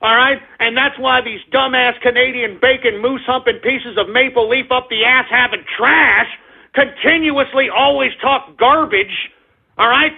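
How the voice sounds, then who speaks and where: A man with a high, husky voice rants on talk radio, crude and mocking, swinging from low grumbles up to shouting. The sound is thin and phone-like, as if it is coming down a narrow line. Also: steady tone, unhurried. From United States. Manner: loud, crude, mocking rant with sudden shouting swells. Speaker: radio show host. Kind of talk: ranting talk radio monologue. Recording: phone-like narrow-band audio.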